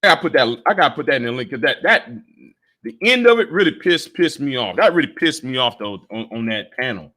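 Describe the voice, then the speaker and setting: Hosting a casual livestream, a furious man curses constantly and trips over repeated words in a stammer. He talks fairly quickly at a medium pitch, with a sing-song lilt and a sharp tone.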